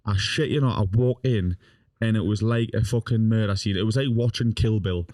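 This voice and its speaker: A man's voice: on the low side, a little fast, darkish tone, no room sound, studio quality. Young man telling a sweary story. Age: young adult. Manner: swears a lot, laughs while telling. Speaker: podcast guest. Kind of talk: casual storytelling.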